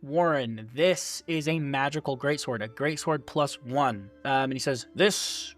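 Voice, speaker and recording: A man's voice: mid-range voice, unhurried. A man narrating as game master of a tabletop game, casual with many fillers.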